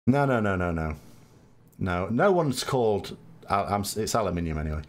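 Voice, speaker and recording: A South Yorkshire man hosting a live stream, talking in a loose, rambling way with dry jokes dropped in. His voice sits fairly low but swings up and down a lot as he talks. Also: very animated, normal speed. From England. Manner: chatty, rambling, wry asides. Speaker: podcast host. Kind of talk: live stream chat answering viewers.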